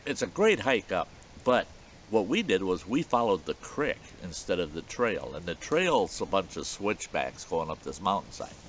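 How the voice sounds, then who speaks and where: A man's voice: deep voice, normal speed. A man telling a folksy story outdoors at a campfire in the woods, in a dull lo-fi recording. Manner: folksy, animated yarn-spinning. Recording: dull lo-fi recording with faint hiss.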